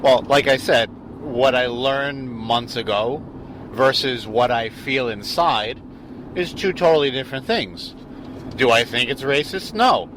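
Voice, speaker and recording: A man's voice: mid-range voice, a little slow, noisy background. A man co-hosting a podcast from a car, explaining his opinions carefully in casual chat. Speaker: podcast co-host. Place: inside a car on the road.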